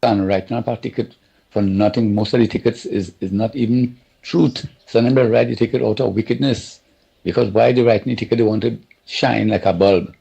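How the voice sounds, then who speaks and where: Caller man, deep gravelly husky voice, ranting mad and rambling. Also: fairly even intonation, moderate pace, warm tone. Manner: indignant, rambling complaint. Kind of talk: phoned-in political rant.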